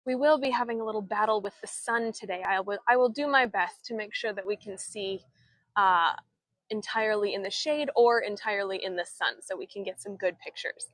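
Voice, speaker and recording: A woman's voice: medium pitch, a little fast, a bit bright, dry recording. A woman chatting casually as she leads a live-streamed walking tour outdoors in an old town, talking to viewers' comments while holding her camera. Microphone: handheld camera or phone she turns while walking.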